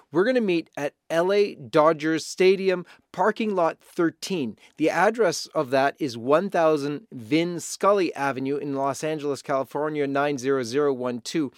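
A man's voice: fairly high pitch, no echo, clean studio sound. A man hosting a talk show, speaking in an emphatic, urging way. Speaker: host.

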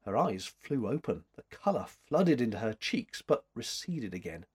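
A man narrating an old-fashioned story aloud in a measured, expressive way. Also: mid-range voice, breathy edge. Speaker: audiobook narrator.

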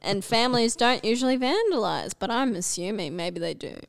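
A woman's voice: on the high side, expressive, fairly quick, vocal fry. Giggly woman in her twenties. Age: 20s. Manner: giggly, teasing. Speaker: podcast co-host. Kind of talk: casual group chat.

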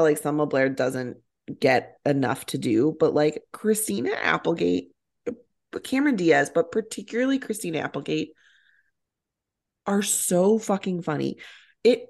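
A woman's voice: lowish voice, gravelly. A woman co-hosting a podcast, chatting enthusiastically about a movie with lots of fillers. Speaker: podcast co-host. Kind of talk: casual chat.

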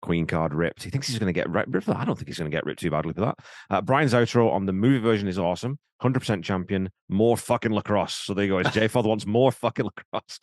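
A man co-hosts a casual podcast in a very low voice. He is blunt and swears freely, with a dry, teasing humour. His voice is recorded close and dry. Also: fast, few pauses, dry recording. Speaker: podcast co-host. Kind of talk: casual chat.

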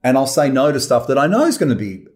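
A middle-aged Australian actor chatting as a guest in a casual interview, animated and repeating words as he starts sentences. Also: mid-range voice, fast. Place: remote call from home.

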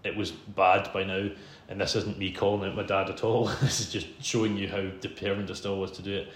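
A Scottish man tells a long personal story in a casual podcast chat. He is self-deprecating, laughs a lot, and sits a bit low in pitch. His voice rings in a roomy space over a faint hum. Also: little pitch movement, brisk. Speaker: podcast host interviewed as guest. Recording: roomy room sound with faint background hum.

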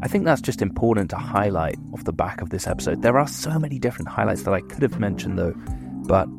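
A man with a low voice hosts a casual podcast, chatting in a relaxed and self-deprecating way. Music sits clearly behind him. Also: quick pace. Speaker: podcast host. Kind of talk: casual podcast chat and outro.

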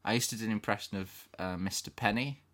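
A man's voice: lowish voice, fast talker, fairly bright tone. A man from England co-hosting a casual podcast, telling school stories with plenty of laughter and impressions. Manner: storytelling, laughs often, does impressions. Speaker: podcast co-host. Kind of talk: casual chat.

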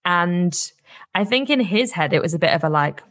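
Animated young woman telling a story. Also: lowish voice, normal speed. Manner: animated, laughs often, many likes. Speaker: guest, campaigner. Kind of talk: casual chat, storytelling.

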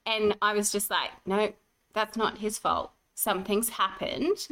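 A woman's voice: mid-range voice, unhurried, poor audio. A pregnant woman, co-hosting a podcast and chatting casually, acting out the voices in her stories. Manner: animated storyteller, acts out quoted voices. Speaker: podcast co-host. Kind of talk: casual chat.

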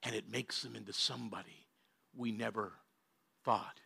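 An older man, a pastor, telling a story in a sermon and moving between loud bursts and hushed passages. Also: medium pitch, normal speed, creaky, slightly rough.

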